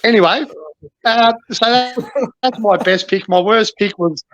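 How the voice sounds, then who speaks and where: A man's voice: sits high, measured pace, a bit bright, slight background noise, rough recording. A man with an Australian accent, a podcast guest talking in a ranting, sweary, mock-boastful way. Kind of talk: ranting casual chat.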